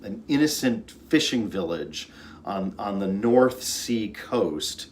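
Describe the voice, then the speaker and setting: Man, conductor, fairly low voice, earnest storyteller, informal music talk. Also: expressive, slow, a little mellow, slight background noise. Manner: earnest, storytelling, with fillers and restarts. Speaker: orchestra conductor.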